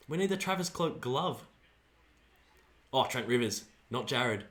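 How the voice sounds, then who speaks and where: Young aussie guy streaming a footy watch-along, bright voice, rambles to chat then yells at the game. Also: medium pitch, normal speed. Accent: Australian. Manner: excitable, shouts at play, banters with chat. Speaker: livestream host. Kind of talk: live sports watch-along commentary.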